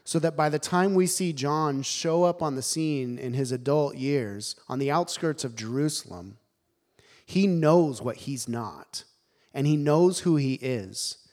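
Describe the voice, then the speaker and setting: A man preaching a sermon, animated and emphatic, telling the story with dramatic pauses. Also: fairly high pitch.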